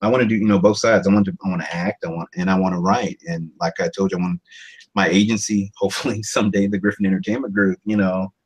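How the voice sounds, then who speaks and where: Speaking at a quick pace with fairly even intonation and a breathy edge, a thirty-something voice over artist gives a relaxed interview over poor audio. His talk wanders, he keeps restarting, and he leaps into higher-voiced impressions.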